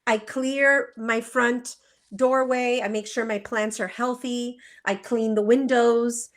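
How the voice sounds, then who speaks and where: A woman's voice: on the high side, steady tone, takes it slowly. A woman who practices feng shui, explaining in earnest on a live video call, with many fillers and rhetorical questions. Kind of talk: conversational interview.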